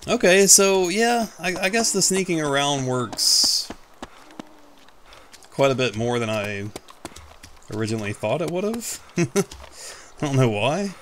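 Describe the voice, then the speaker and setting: A man's voice: a little high, big pitch swings, a little slow, long pauses, fairly bright tone, a little hiss or hum. Rambling, self-mocking male gameplay commentator. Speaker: gaming YouTuber.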